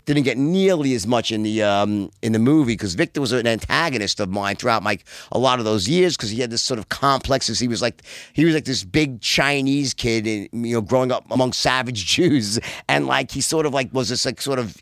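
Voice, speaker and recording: A man telling wild stories in casual chat, profane and animated, often acting out quotes in a high voice. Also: dry recording, clean studio sound. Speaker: podcast guest.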